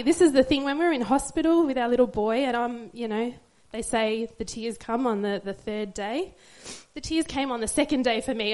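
A woman's voice: fairly high pitch, brisk, hardly any pauses, a little mellow. A young woman giving an emotional church testimony as a new mother, tearful and laughing through it. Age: young adult.

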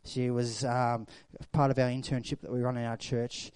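A middle-aged pastor preaching a sermon, his voice mellow and relaxed. He moves between loud, lively storytelling and quiet, intimate passages. The sound is close and dry. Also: medium pitch, moderate pace, clear, resonant tone, no room sound.

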